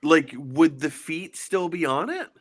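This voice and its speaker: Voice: mid-range voice, lively intonation, unhurried, a crowd in the background. A guest chatting casually, playful and teasing. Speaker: guest friend. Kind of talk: casual chat.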